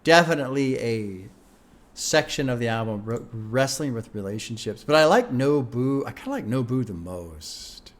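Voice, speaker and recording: A man's voice: medium pitch, very animated, moderate pace. A young man casually reacting to a song, chatty and laid-back, laughing often and reading lyrics aloud. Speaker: music reaction streamer.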